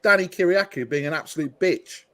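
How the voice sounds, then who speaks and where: A man's voice: fairly high pitch, a little fast, bright, forceful tone. A man ranting bluntly and swearing on a casual podcast. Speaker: podcast panelist. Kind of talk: casual rant.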